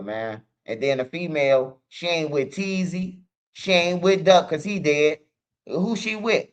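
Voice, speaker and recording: A man's voice: high-pitched, a bit bright. A man hosting a stream, talking in a loose, slangy, rambling monologue full of "man" and "bro". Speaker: streamer host.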